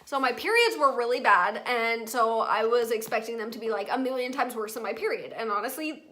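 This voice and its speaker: A young woman tells a personal story straight to her viewers, calling them y'all. Her voice sits high and sounds bright and forward. She keeps the delivery loose, casual and talkative. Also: fairly quick. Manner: chatty, addresses viewers as y'all. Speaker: vlogger.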